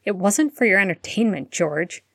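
A woman's voice: fairly low pitch, moderate pace, dry recording, studio quality. A woman reading aloud, voicing a young girl who snaps sharply. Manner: snappish, reassuring. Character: sharp-tongued young girl, quick to snap.

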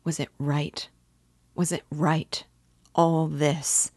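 A woman reading the lines of a restless young male student, delivered with incoherent, self-mocking agitation in a low, unhurried voice. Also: flat delivery, a little mellow, slightly rough, dry recording, heavily acted. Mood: agitated.

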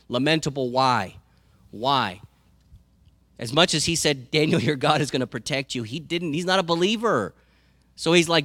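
Earnest preaching pastor, dry sound. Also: male voice, on the high side, lively intonation, moderate pace, a bit bright, no room sound. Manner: earnest preaching with frequent repeated words. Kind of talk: sermon.

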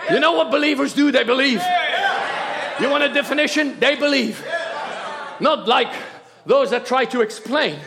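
A man preaching an impassioned sermon, often shouting out praise. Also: very high-pitched, roomy sound. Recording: congregation audible behind. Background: congregation.

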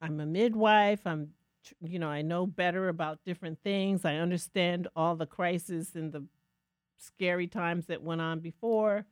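A woman co-hosting a podcast, telling a lively personal story in a casual, self-mocking way. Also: on the low side, moderate pace, smooth, no room sound, clean studio sound. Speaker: podcast co-host.

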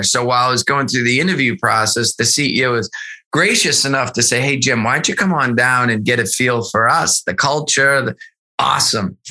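Forceful, bright-toned man as a sales exec podcast guest, earnest and full of restarts. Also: mid-range voice. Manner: earnest, animated storytelling with many restarts. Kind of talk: podcast interview talk.

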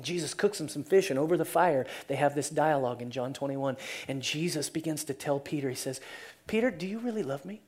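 A woman pastor preaching a sermon, retelling the story casually and swinging from loud to hushed. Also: rumbling low, brisk.

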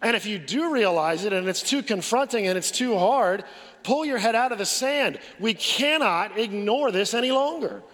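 A pastor preaching a forceful sermon with a high, ringing voice. He presses rhetorical question after question and often repeats words as he builds momentum. A long reverb trails every line. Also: lively intonation, normal speed.

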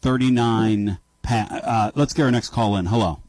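A man hosting a sports call-in radio show, talking emphatically and trading quick remarks with callers. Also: lowish voice, no echo. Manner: animated and emphatic, quick back-and-forth with callers. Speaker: sports talk radio host.

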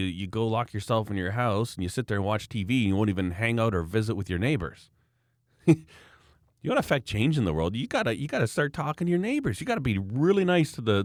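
A man's voice: lowish voice, no room sound, clean studio sound. A man talking in a casual, opinionated, rambling way, acting out the people he quotes. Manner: opinionated, rambling, animated quoting. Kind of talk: casual political chat.

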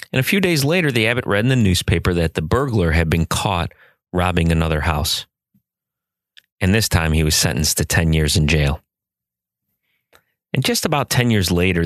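Man, podcast host, reflective storytelling, deep voice, dry recording. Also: no room sound. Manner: gentle and reflective, with soft hesitations. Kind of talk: storytelling and mindfulness talk.

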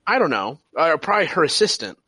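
A man's voice: a little high, very animated, quick pace, husky, no room sound. A man co-hosting a casual podcast, rambling and swearing freely as he thinks aloud. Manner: rambling, profane, trails off quietly. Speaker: podcast co-host. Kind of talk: casual chat.

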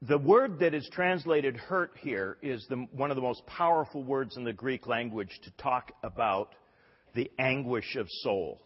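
A man's voice: mid-range voice, measured pace, slightly rough. A man preaching a sermon with passion, acting out the quoted voices and often repeating words as he builds his point. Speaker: pastor. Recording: dull sound with long hall reverb.

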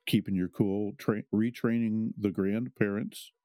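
A man co-hosting a podcast, thinking aloud with halting restarts in casual conversation. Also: lowish voice, steady tone, mellow, no room sound.

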